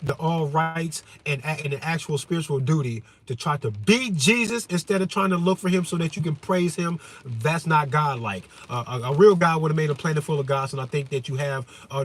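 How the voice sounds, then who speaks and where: High-voiced man ranting fervently. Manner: fervent, swings between low musing and loud shouting; heavy hesitation fillers. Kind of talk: profane rant to viewers.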